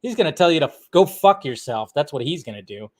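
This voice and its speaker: A man's voice: on the high side, big pitch swings, fast. A man hosting a casual movie news commentary, blunt, swearing freely and laughing often.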